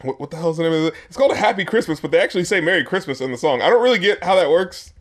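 A man's voice: a little high, expressive, very fast. A man chatting casually, rambling and mocking, swearing freely and laughing often, with many "like" fillers. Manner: profane, rambling, lots of "like" fillers. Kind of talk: casual chat.

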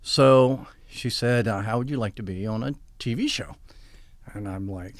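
An older man appears as a guest in a storytelling interview, telling long, rambling anecdotes and acting out quoted dialogue as he goes. His voice is mid-range at a moderate pace, with clean studio sound and no echo.

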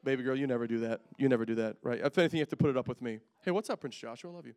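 A young adult man preaching a sermon in a church, joking with the congregation and swinging from quiet, intimate talk to loud bursts, sweating in the heat. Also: mid-range voice, rapid-fire, clear, resonant tone. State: sweating in a hot room. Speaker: pastor. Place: church sanctuary.

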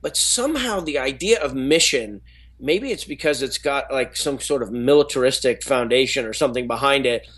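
A man's voice: mid-range voice, moderate pace, a bit bright. A middle-aged man who is an actor and speaker, telling stories in a rambling, casual way, full of restarts and fillers. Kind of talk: casual interview talk.

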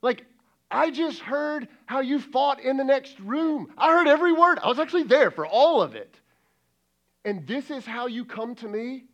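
A man's voice: very high voice, fairly even intonation, moderate pace, hardly any pauses, highs cut off, voice pushed up. A man voicing God as an exasperated figure who scolds a believer for a half-hearted prayer. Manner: incredulous, loud.

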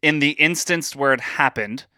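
Bright, forceful man in casual banter. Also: a little high, moderate pace, no echo, clean studio sound. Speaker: podcast co-host answering quiz questions. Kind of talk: casual chat.

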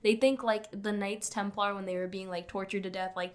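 A woman's voice: medium pitch, little pitch movement, normal speed. A young woman co-hosting a podcast, chatting casually and rambling into tangents full of "like". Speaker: podcast co-host. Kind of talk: casual chat recapping a TV episode.

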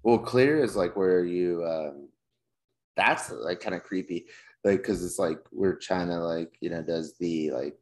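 A man's voice: deep voice, unhurried. A man co-hosting a podcast in casual chat, laid-back and swearing, steering the conversation along. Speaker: podcast co-host.

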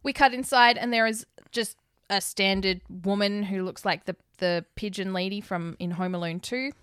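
A woman's voice: mid-range voice, fairly even intonation, moderate pace, a bit bright, smooth, no echo, clean studio sound. A woman co-hosting a podcast, casually recapping a film scene by scene and acting out the characters' lines. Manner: chatty, laughs often, acts out lines from the film. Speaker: podcast co-host.

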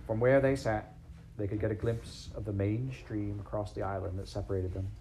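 A man narrating a classic storybook aloud in a gentle, measured, expressive way. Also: fairly low pitch, a little hiss or hum, poor audio.

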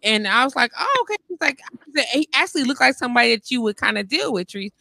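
A woman's voice: fairly high pitch, fast talker, creaky, dry recording, poor audio. A woman telling a funny story in casual chat, laughing often and acting out the voices of the people in it. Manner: animated, laughs often, acts out quoted voices.

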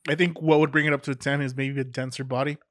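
A man's voice: mid-range voice, flat delivery, quick pace, a bit bright, dry recording, clean studio sound. A man co-hosting a podcast, chatting casually about beer, loose and jokey with a lot of swearing. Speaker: podcast co-host. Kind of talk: casual beer-tasting chat.

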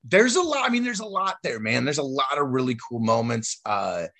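A man's voice: medium pitch, a little fast. A man telling long, rambling stories about his wrestling days in casual chat, full of fillers and restarts. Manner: rambling, animated storytelling with many fillers.

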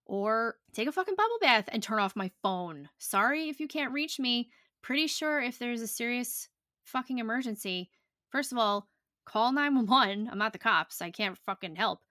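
Bright-voiced, profane woman podcast host. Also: a little high, no echo, studio quality. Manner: blunt and profane, lots of fillers. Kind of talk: casual chat.

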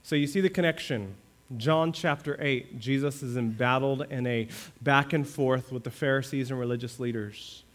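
A male pastor preaching a sermon, asking the congregation questions and building to fervent high points. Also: moderate pace. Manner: preaching with rising fervor, rhetorical questions to the congregation.

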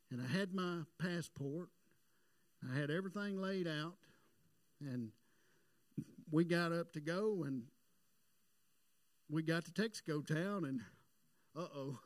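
A man's voice: a little high, dry recording. A man, telling a folksy story in a sermon that builds into fervent preaching.

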